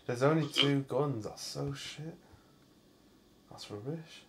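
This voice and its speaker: A man's voice: medium pitch, slow, slight background noise. Sweary man grumbling through a game. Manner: sweary, exasperated banter. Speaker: gaming channel host. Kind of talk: casual gameplay chat.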